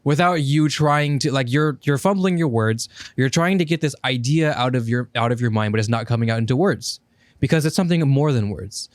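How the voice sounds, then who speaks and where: A man's voice: medium pitch, brisk, no echo. A man co-hosting a casual podcast, pressing his point emphatically and cutting in, with some swearing. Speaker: podcast co-host.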